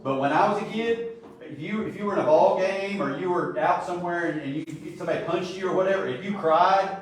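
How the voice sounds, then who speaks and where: A middle-aged man teaches a Bible study in a relaxed, talky way, with jokes and acted-out little scenes. His voice sits a little high. He sounds distant from the mic, in a very echoey room. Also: a little fast. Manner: conversational, joking asides, acts out little scenes. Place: church room.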